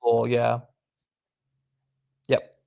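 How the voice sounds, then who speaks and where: A man's voice: mid-range voice, completely flat delivery, drawn-out words, vocal fry, warm tone. A young man, a medical student, reading quiz questions aloud and explaining the answers in a laid-back, casual way. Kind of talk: casual quiz study session.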